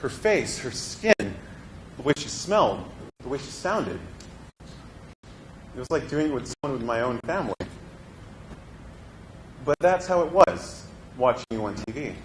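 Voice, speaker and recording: Man as frustrated young actor, animated delivery, roomy echo. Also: mid-range voice, unhurried, pauses often. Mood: earnest. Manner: confiding, swings from earnest to exasperated. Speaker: stage actor performing a monologue. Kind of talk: theatrical monologue. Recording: echoey room with background noise.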